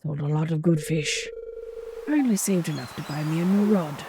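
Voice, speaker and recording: A woman voicing a friendly, folksy old male fisherman in a farming game, loud and homespun. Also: low voice, normal speed, background noise, voice pushed down. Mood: hearty.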